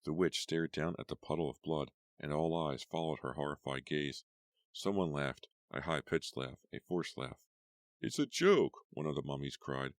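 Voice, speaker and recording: Very deep-voiced male audiobook narrator. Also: steady tone, moderate pace, no room sound. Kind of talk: scripted narration.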